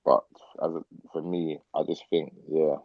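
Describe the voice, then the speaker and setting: A man in a casual chat, speaking in a measured, hesitant way. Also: very deep voice, steady tone, gravelly, no echo, phone-quality sound.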